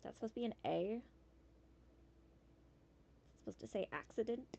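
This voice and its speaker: An animated woman streamer thinking out loud as she plays, with a bouncy voice that swings between high and low. She breaks into cursing now and then, and makes goofy sound effects. The recording is a little dull and lo-fi. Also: normal speed, creaky. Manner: chatty and animated, swearing, making playful noises. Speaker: streamer playing a game demo. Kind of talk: casual gameplay commentary.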